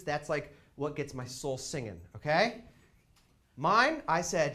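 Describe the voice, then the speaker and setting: A young man doing live stand-up storytelling on a theater stage, dropping to quiet asides and then breaking into shouted, laughing excitement. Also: on the high side, takes it slowly. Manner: laughs while talking. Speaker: stand-up comedian.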